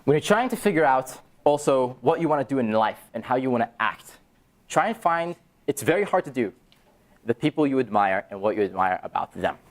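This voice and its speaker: A young man in his twenties, a startup founder speaking to university students, telling a personal story in an animated way and acting out the dialogue with excited jumps in his voice. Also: mid-range voice, brisk. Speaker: startup founder giving a talk. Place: university event room, audience present.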